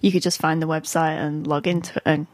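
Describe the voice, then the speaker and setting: Woman, lowish voice, dry close sound, chatty, storytelling, filler words, casual tech chat. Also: level tone, quick pace, no echo.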